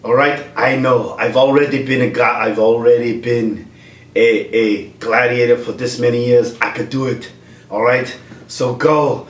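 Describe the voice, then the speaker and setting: A man voicing an earnest male cyborg gladiator, slow and dramatic. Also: medium pitch, steady tone, pitched below the performer's own voice, lightly acted. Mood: solemn. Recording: roomy, distant from mic.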